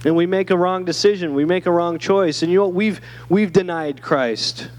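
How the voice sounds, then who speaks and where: Slightly high-voiced preaching pastor. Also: male voice, moderate pace, a little mellow. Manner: conversational preaching with many rhetorical "right?" checks. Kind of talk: sermon. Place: church.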